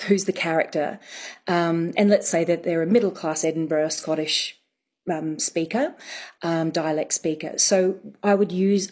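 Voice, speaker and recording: A woman working as a dialect coach, explaining on radio in a clear, methodical, teacherly way. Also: on the low side, darkish tone.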